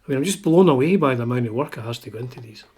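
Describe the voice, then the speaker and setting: A Scottish man with a husky, slightly breathy voice at a middling pitch. He talks about guitars in a relaxed, chatty way. He is wry and drops into quiet asides under his breath. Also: racing. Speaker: guitar channel host. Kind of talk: casual chat.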